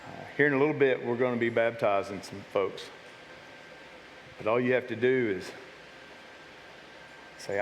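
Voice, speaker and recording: A pastor preaches a casual, conversational sermon in a church sanctuary, frequently repeating and restarting his words. His mid-range voice moves at normal speed with long pauses, and the recording has long hall reverb plus slight background noise.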